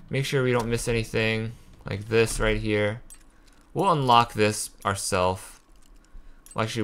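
A young man giving casual, excitable commentary over a video game, venting his frustration and swearing. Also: fairly low pitch, a little hiss or hum. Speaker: gaming channel host.

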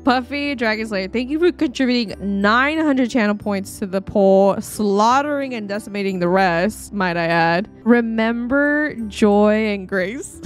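A woman streamer chatting casually with her live audience as she plays a game, with excited gasps and laughs. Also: mid-range voice, a little slow, hardly any pauses, soft background music. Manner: chatty, reacting to chat polls with gasps and laughs. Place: home streaming setup. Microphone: desktop USB mic.

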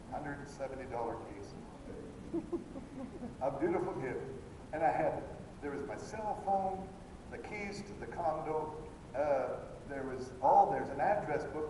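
An older man preaching a fervent sermon as pastor, swinging between shouts and a soft, confiding storytelling voice. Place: church sanctuary. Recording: echoey hall from far off, dull sound, faint rumble.

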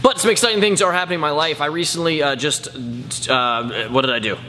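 A man's voice: a little high, fast talker, pushed and bright, a little hiss or hum. A young man who vlogs, rambling goofily and tripping over his own words in casual bloopers. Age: young adult. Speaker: YouTuber.

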